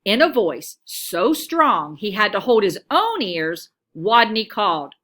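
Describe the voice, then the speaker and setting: A woman's voice: mid-range voice, slow, hardly any pauses. A woman teacher reading a children's picture book aloud, telling it expressively. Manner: expressive storytelling, lively.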